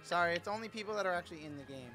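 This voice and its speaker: A man streaming a racing game in casual chat, excitable and teasing, with loud sudden exclamations. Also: sits high, very fast, faint music behind. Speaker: gaming streamer.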